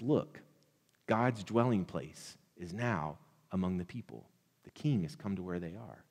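Impassioned male pastor in a reverberant hall. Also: low-pitched. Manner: builds to impassioned, loud repeated blessings. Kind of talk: sermon.

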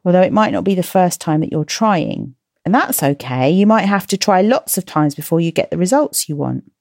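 A woman's voice: on the low side, expressive, moderate pace, no room sound, studio quality. Encouraging woman talking to kids. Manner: chatty, gently self-mocking, warm encouragement. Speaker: podcast host and coach for children. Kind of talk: encouraging talk to children. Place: at home, in slippers.

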